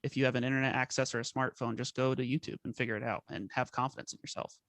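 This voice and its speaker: A man's voice: medium pitch, flat delivery, rapid-fire, fairly bright tone, no room sound. A man, a band member guest, talking earnestly and sentimentally in a casual interview. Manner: earnest, sentimental, laughs at himself.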